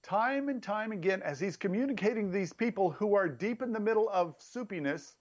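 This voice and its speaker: A man delivers a sermon with emphatic, animated energy, his pitch rising sharply when he stresses a point. His voice sits slightly high for a man. The recording is somewhat dull and lo-fi. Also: brisk. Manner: emphatic, animated preaching with sudden rises in pitch. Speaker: preacher.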